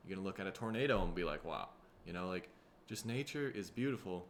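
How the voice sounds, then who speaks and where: A somewhat low-voiced man talks through a loose, solo podcast monologue. He sounds tired and his throat is rough, and he rambles along in a laid-back, profane way. A faint noise sits under the voice. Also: expressive, quick pace. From Minnesota, USA. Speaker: podcast host.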